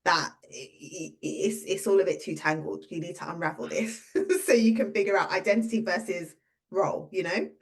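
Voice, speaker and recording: A woman in her thirties, a business owner and coach, telling a personal story in a casual conversation and acting out the dialogue. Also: a little fast. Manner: lively, acts out quoted dialogue with pitch jumps.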